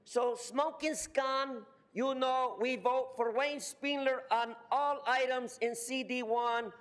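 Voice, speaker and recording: High-pitched, ranting, profane man. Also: fairly even intonation, takes it slowly, fairly bright tone. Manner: abrasive, profane, insulting; switches between Spanish and English. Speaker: public commenter. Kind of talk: public comment at a council meeting.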